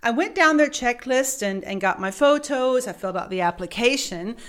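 A woman from the United States telling a personal story as a motivational speaker, animated and vivid, laughing as she goes. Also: on the high side, moderate pace. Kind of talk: storytelling talk.

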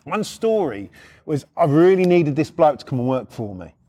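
Middle-aged man, husky voice, very lively pitch, swearing, rambling anecdote. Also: normal speed, dull audio. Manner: profane, rambling, lively storytelling. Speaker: storyteller. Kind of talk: casual anecdote.

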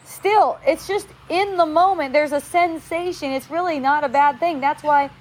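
Higher-voiced woman giving a casual spiritual talk. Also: moderate pace. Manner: musing, conversational, acts out quoted voices. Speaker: spiritual teacher.

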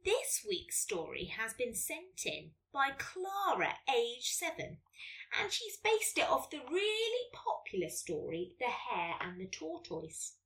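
Woman, children's podcast host, slow unhurried reading, bright voice, a little off the mic. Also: sits high, distant mic. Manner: gentle, lively storytelling voice.

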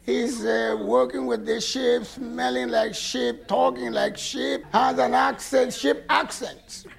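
A man's voice: extremely high pitch, fairly even intonation, slow, creaky, soft background music, heavily acted. A man doing a flustered, dismissive old father. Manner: hesitant, stumbling, offhand.

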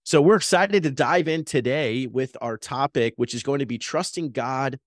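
A man's voice: mid-range voice, moderate pace. A man co-hosts a podcast in easy, casual chat. He tells stories with plenty of laughter, and his voice rises and falls a lot. The sound is dry and close, with no room echo. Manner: animated storyteller, laughs often. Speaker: podcast co-host.

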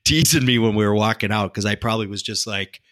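A male podcast co-host, a police officer, speaking haltingly, full of fillers and restarts, in casual chat. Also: on the low side, a bit bright. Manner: halting, filler-heavy, repeats himself.

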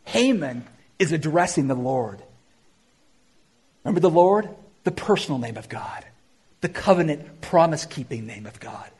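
A male pastor preaches a sermon in a high, husky voice, swinging between loud emphatic peaks and hushed, slowed phrases. His pitch moves widely, making the delivery expressive.

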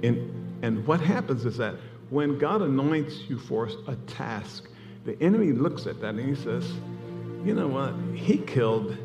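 A man's voice: medium pitch, expressive, a little slow. A man preaching a sermon, telling a story with energy and acting out the voices of the people in it. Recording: hall reverb with music behind. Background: music.

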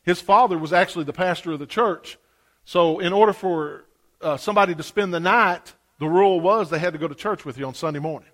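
A man preaching a sermon, telling a story with animated swings from hushed asides to loud exclamations. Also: sits high, brisk.

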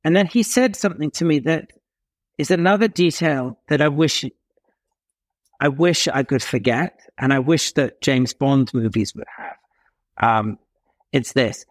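A man from England telling a story as an interview guest, animated, with dramatic pauses and emphatic swings in pitch. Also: dry recording, studio quality.

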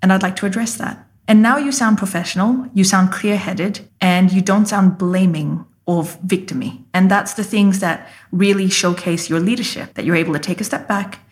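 A woman's voice: medium pitch, normal speed, hardly any pauses. A woman leadership coach speaking as an interview guest, explaining emphatically and acting out example phrases.

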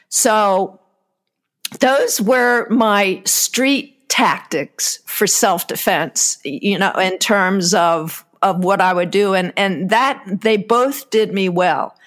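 A woman guest in casual chat, telling personal stories in an unhurried way, often breaking into laughter and letting sentences trail off. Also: mid-range voice, fairly bright tone.

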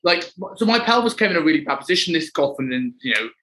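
Bright-voiced chatty podcast host man. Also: on the high side, big pitch swings, fast, a little hiss or hum, poor audio. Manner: chatty, rambling, many fillers. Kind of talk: casual podcast chat.

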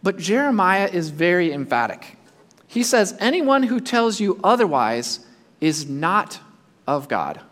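A man preaching a sermon, speaking in an animated way and acting out the imagined voices of his listeners. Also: high voice, unhurried, big-room sound. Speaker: pastor.

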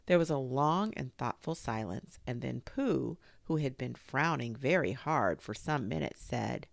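A woman reading a children's story aloud in an expressive, unhurried way. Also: rumbling low, gravelly, no echo, studio quality.

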